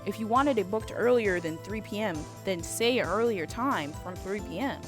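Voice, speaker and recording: A woman's voice: medium pitch, animated, normal speed, music in the background. A young woman streaming a game, chatting casually, blunt and exasperated, swearing freely. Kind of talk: casual live-stream chat.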